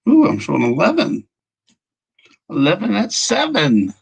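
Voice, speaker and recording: A man hosting a casual livestream, rambling as he checks his audio, greets viewers by name and often clears his throat. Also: on the high side, huge pitch swings, measured pace, low-quality recording. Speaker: livestream host.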